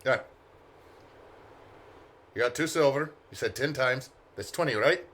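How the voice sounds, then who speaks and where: A man's voice: mid-range voice, measured pace, fairly bright tone. A man voicing a tall, nosy out-of-town man with a thick put-on accent and a blunt, teasing manner.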